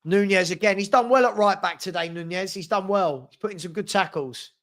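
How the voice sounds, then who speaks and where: A man's voice: high-pitched, fairly quick, fairly bright tone. A man hosting a live match watchalong, calling the play in a casual way and chatting with viewers about their comments. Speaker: watchalong host.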